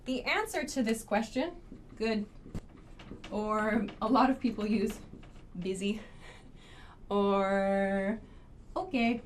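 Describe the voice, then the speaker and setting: A woman teaching spoken English phrases, modeling each one clearly and patiently and explaining it step by step. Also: medium pitch, takes it slowly, long pauses, a little hiss or hum.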